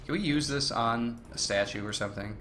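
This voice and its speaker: A man hosting a let's play, reading game text aloud between relaxed, casual remarks. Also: medium pitch, a little fast, slight background noise. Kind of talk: casual gameplay commentary.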